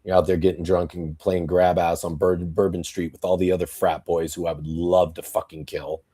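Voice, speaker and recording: Man, low husky voice, blunt profane podcast ranter who acts out quotes. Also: flat delivery, a little fast, warm tone. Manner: blunt, profane, rambling political rant; tells stories with acted quotes. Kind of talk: casual podcast talk.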